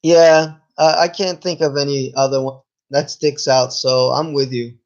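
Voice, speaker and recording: A man giving a casual, rambling review of a TV episode in a laid-back way, swearing now and then and slowed by hiccups. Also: mid-range voice, level tone, a little mellow, muffled recording. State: has hiccups. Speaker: TV show reviewer.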